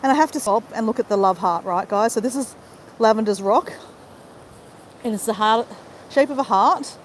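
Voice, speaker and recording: Teary lady vlogging live outside, kinda high voice, rambly and upset. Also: moderate pace, slight background noise, low-quality recording. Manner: rambling, many fillers like "you know". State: tearful, crying. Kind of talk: emotional live-stream monologue. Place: outdoors on a walk.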